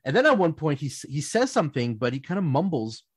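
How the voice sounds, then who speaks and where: A man's voice: a little high, fast, slightly rough, no room sound. Québécois man telling hockey stories, dry mic. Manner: animated anecdotes, quotes others in playful voices, laughs often. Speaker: podcast host. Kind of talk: casual storytelling chat.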